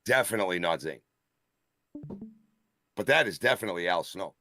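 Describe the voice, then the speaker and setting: Co-host type, man with a deep voice, jokey and quick to laugh, dry mic. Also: lively intonation, sharp tone, no echo. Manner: joking, laughs often, slips into put-on Boston voices. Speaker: wrestling show co-host. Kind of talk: casual live-stream banter.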